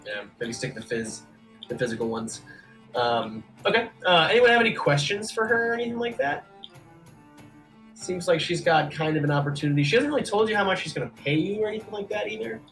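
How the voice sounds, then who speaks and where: A man running a tabletop game on a live stream, his voice a little higher than most men's. His pitch moves a lot and he hedges with frequent ums. Faint music plays behind him. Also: brisk. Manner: relaxed, hesitant, with frequent ums. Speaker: game master.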